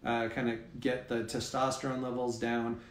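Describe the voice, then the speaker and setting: A man, a health practitioner guest, explaining things in a measured, casual way. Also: mid-range voice, monotone, roomy sound.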